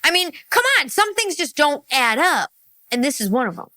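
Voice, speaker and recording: A woman hosting a reaction commentary, exasperated and animated, often laughing. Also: sits high, moderate pace, no echo. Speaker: reaction host.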